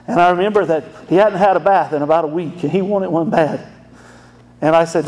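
A man's voice: a little high, fairly quick, a little mellow. A middle-aged man, a pastor telling an emotional family story in a folksy sermon.

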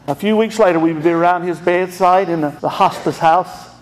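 A man's voice: high voice, steady tone, brisk, few pauses, slight background noise. A middle-aged man, a pastor telling an emotional family story in a folksy sermon.

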